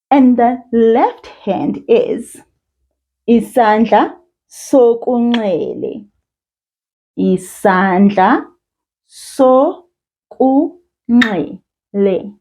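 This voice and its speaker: A South African woman teaching children, with encouraging sing-song praise and slow call-and-repeat drills. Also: fairly high pitch, dark tone, breathy edge. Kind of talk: slow, patient kids' lesson with call-and-repeat. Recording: dull lo-fi sound.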